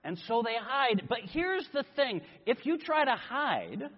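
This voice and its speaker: A man preaching a sermon, telling a story in an animated way and acting out voices. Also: very high voice, unhurried. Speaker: pastor. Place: church sanctuary. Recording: echoey hall, dull lo-fi sound.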